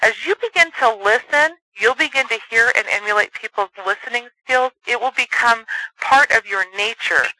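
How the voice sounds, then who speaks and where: A man's voice: very high-pitched, moderate pace, sharp tone, no echo, low-quality recording. A man giving a motivational sales training talk in an earnest coaching manner, acting out short voices as examples.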